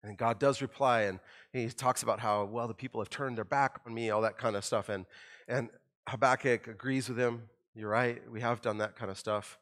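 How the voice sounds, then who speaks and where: A middle-aged man preaching a sermon in a church, conversational and animated, acting out the quoted lines with rising emphasis. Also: mid-range voice, moderate pace. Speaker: pastor.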